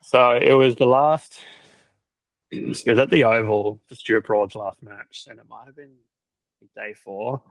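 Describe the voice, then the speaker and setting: A young man chatting casually, telling stories loaded with "like" fillers and quick laughs. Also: medium pitch, no room sound, low-quality recording. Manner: storytelling, lots of "like" fillers, laughs often. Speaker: cricket team videographer. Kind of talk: casual podcast chat.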